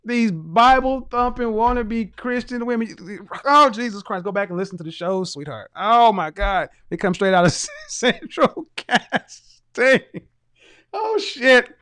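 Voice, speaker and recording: A man's voice: very high voice, big pitch swings, unhurried, sharp tone. A man hosting a live stream, reading viewer comments aloud and mocking them with teasing rhetorical questions and bursts of laughter.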